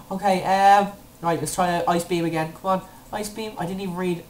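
A young woman commentating her own gameplay, excitable, with squealing cheers and playful made-up words. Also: on the low side, a little fast. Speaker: let's play gamer.

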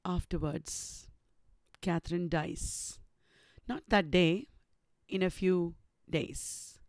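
Indian english woman teaching literature, slow and steady, dead dry sound. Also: on the low side, no room sound. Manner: slow deliberate retelling. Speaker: literature lecturer. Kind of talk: recorded lecture.

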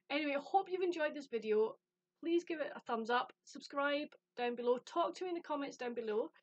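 A woman's voice: sits high, normal speed, dry recording, dull audio. A woman from the UK chatting casually about a book she received, rambling and self-deprecating. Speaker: book vlogger. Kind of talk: casual chat.

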